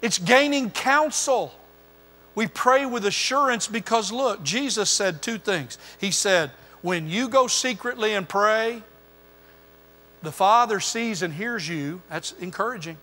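A man's voice: high voice, a little slow, bright, forceful tone. An older man preaching a sermon as pastor, building emphasis through repeated phrases. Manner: preaching with rising emphasis and repetition. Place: church sanctuary. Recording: long hall reverb.

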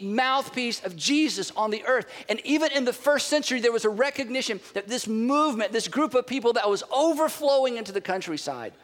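High-voiced preaching man in reverberant hall. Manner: animated preaching with dramatic pauses and acted quotes. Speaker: pastor. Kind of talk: sermon.

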